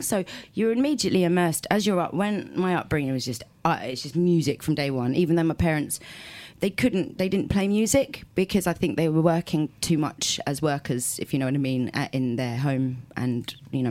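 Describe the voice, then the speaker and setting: A low-pitched woman talks about her past as an interview guest. She rambles from one story to the next, laughs often and keeps restarting her sentences. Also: a little mellow. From South London, England. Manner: rambling storyteller, frequent laughs, self-corrections. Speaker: guest musician. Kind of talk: casual interview chat.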